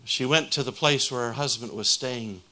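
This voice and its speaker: A man's voice: medium pitch, normal speed, pushed and bright. A man preaching a sermon, retelling a conversion story and building to a fervent appeal.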